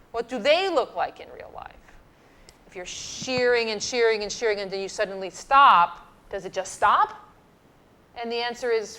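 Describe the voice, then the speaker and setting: A woman's voice: mid-range voice, a bit bright. A middle-aged woman giving a university lecture, explaining slides in an emphatic, conversational teaching manner and answering students. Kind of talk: classroom lecture. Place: lecture hall.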